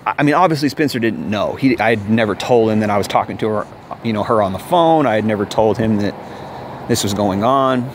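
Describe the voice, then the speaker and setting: A man's voice: fairly low pitch, animated, brisk, background noise. A man telling a personal story in casual, rambling vlog style, candid and profane, repeating himself as he goes. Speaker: vlogger.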